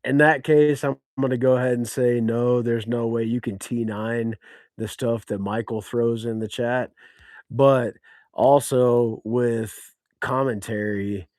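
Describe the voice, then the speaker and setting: Man, casual banter, blunt, skeptical, stammering repeats, mid pitch, dry close sound. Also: steady tone, measured pace, darkish tone, no echo. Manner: blunt and skeptical, stumbles over repeated words.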